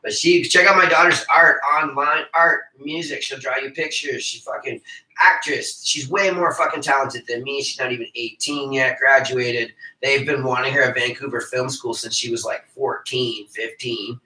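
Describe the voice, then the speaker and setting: Bright, echoey man rambling. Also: mid-range voice, moderate pace. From Canada. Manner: profane, excitable, laughs often. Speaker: livestream host. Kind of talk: rambling casual monologue. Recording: echoey room, far from the mic.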